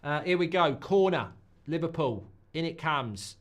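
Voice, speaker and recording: A man hosting a live football watchalong, reacting loudly to goals and swearing freely. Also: fairly high pitch, measured pace, lo-fi sound. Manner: excitable, swears, shouts at goals. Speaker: watchalong host.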